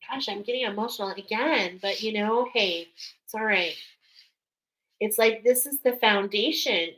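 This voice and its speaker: A woman's voice: on the high side, a bit bright, rough recording. A woman giving an intuitive spiritual reading to her viewers, rambling with many fillers and getting emotional as she speaks. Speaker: spiritual card reader.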